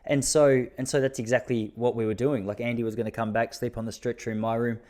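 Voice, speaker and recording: This Australian podcast host, a man in his thirties, spins stories in a casual monologue, laid-back and self-deprecating. He talks fast in a level, slightly mellow voice, leaping to high-pitched disbelief for his jokes.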